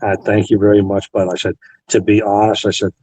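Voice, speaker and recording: Earnest veteran man, lowish voice, dry close sound, relays old conversations line by line. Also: flat delivery, a little fast, darkish tone, no echo, rough recording. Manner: retells conversations, quoting both sides. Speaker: Navy veteran guest. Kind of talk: storytelling interview.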